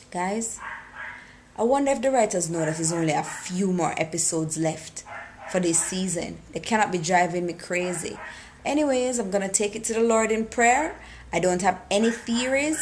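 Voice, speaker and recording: A woman talking casually and excitedly into her camera, recapping a TV episode and acting out the characters' lines. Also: mid-range voice, moderate pace, background noise. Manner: excitable, animated retelling with quoted lines.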